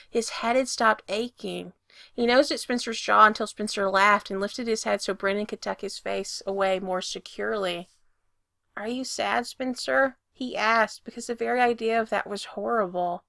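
A woman reading a story aloud with lively, expressive narration that swells when the scene gets exciting. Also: medium pitch, gravelly, dry recording, studio quality. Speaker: reader.

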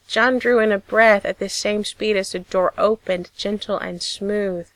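A woman reads a story aloud in a measured, expressive way. Her voice sits in a middle pitch. The recording is close and dry with no room sound. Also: dry recording. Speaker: audiobook reader. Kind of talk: storytelling narration.

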